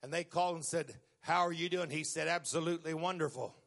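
Emphatic preacher man, high and bright. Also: fast. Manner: swings from quiet storytelling to loud emphatic preaching, stretching key words. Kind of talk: sermon.

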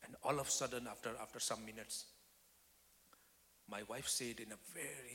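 Man preaching with hushed-to-loud swings. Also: medium pitch, fairly even intonation, normal speed, long pauses. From Nepal. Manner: dramatic swings from loud to whispered. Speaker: guest speaker. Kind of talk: testimony sermon. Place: church hall. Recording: long reverb of a church hall.

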